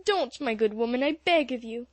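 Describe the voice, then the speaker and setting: A woman reading an audiobook, voicing a courtly, gracious old gentleman who talks formally. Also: fairly high pitch, animated, normal speed, no echo, close to an everyday voice.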